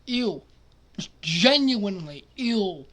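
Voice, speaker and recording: Excitable streamer man reacting. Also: high voice, slow pace. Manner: excitable, swings from mumbled asides to loud outbursts. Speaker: simulation gaming streamer. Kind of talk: casual reactive commentary.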